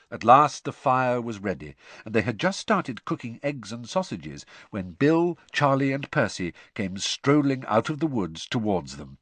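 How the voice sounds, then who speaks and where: A man's voice: medium pitch, big pitch swings, unhurried, hardly any pauses, a bit bright, dry recording. A man narrating a novel in an audiobook reading, telling the story expressively. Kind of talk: scripted narration.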